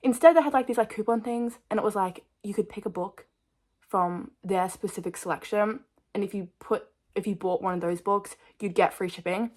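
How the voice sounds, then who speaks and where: A young woman talks straight to her camera in an easy, rambling way. Her voice sits in an ordinary middle pitch, and she strings thoughts together with plenty of "like". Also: normal speed, darkish tone. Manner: rambling and chatty, filled with "like". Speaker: vlogger. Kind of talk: casual chat to camera.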